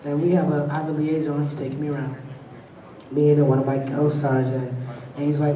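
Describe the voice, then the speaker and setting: Guy telling stories at a fan convention panel, kinda high and mellow, laughs a lot, echoey room, sounds far off. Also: a little fast, slight background noise. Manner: animated, laughs between anecdotes, acts out voices.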